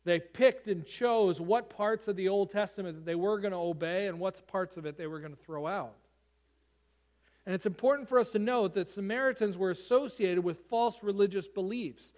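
A man's voice: high voice, normal speed, a little mellow. A man preaching a sermon, reading scripture aloud and then explaining it in an earnest, emphatic way that keeps driving his main points home. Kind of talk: sermon, Bible reading and teaching.

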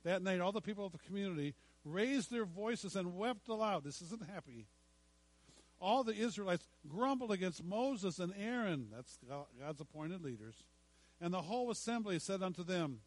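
A middle-aged male pastor preaching a sermon, slowing down to stress scripture and dropping to quiet asides. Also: sits high, animated, no room sound, poor audio. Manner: emphatic preaching, slows to stress scripture, drops to hushed asides.

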